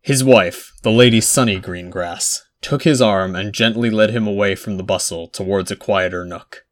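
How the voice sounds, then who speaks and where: A man narrating a fan fiction chapter aloud in a measured storytelling manner. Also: lowish voice. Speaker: audiobook narrator.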